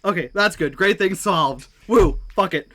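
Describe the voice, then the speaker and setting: A player in a tabletop game, animated and laughing between lines. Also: medium pitch, measured pace. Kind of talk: in-character tabletop play.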